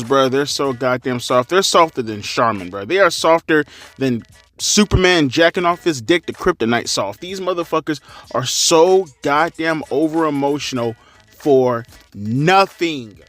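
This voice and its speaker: A man's voice: a little high, animated, normal speed, a bit bright, soft background music. A young man hosting a crude, sarcastic rant commentary, cursing heavily. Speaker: commentary channel host.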